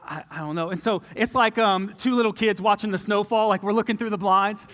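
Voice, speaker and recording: A young man with a high, bright, forceful voice tells a story in a sermon. He is animated and often slips into a low, soft tone for quoted lines. His voice carries a long reverb from a large hall. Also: brisk.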